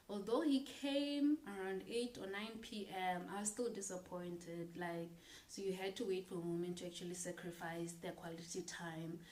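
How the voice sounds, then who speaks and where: A young woman with a South African accent talks straight to camera in a casual vlog, blunt and heated, with curse words scattered through her speech. Her voice sits a little low for a woman. She comes across as outspoken and fired up. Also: darkish tone, roomy sound, slight background noise, low-quality recording. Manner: blunt, profane, impassioned. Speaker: vlogger.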